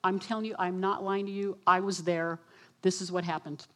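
Woman preaching with animated storytelling. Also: on the low side, moderate pace. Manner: animated storytelling, quotes herself and others. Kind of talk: sermon with personal story.

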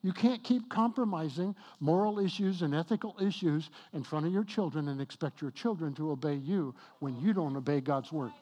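High voiced guy preaching, punchy and slow on the big points, teasing the crowd a bit. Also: warm tone, lo-fi sound. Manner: emphatic, slows and rises on key points, jokes with the congregation. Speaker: pastor. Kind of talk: sermon. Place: church with congregation.

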